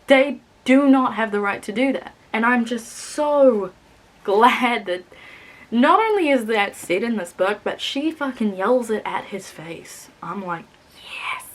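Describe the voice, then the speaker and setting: Animated young woman chatting about a book. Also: a little high, unhurried. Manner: animated, swears casually, laughs often. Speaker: book vlogger. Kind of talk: casual book review chat.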